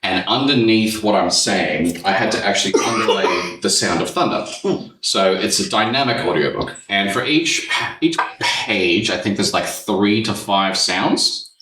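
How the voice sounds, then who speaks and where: A man's voice: lowish voice, a little slow, recorded from a distance, slight background noise. A man, chatting casually and rambling a little as a podcast host. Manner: relaxed, rambling storyteller. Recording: echoey room, a bit off-mic.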